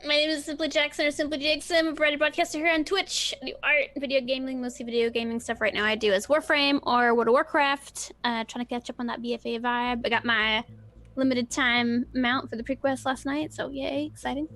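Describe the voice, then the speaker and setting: A woman in her thirties with a fairly high voice, chatting brightly about her streaming. She talks in a casual, bubbly way. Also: brisk. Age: 30s. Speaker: streamer and player. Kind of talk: casual chat.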